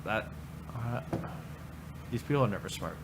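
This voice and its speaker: A man's voice: lowish voice, lively intonation, moderate pace, background noise. A man ranting on a livestream in a crude, rambling, mocking way, often breaking into laughter. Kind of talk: profane livestream rant.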